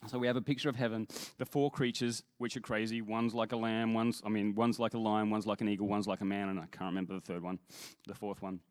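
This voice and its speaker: A man with a lowish voice leads worship and speaks earnestly, breaking off into restarts, then lifting into emphatic recitations of scripture. The sound is dry and close, with little room around it. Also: little pitch movement, fast, few pauses, darkish tone, no room sound. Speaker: worship leader. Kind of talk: sermon-style talk.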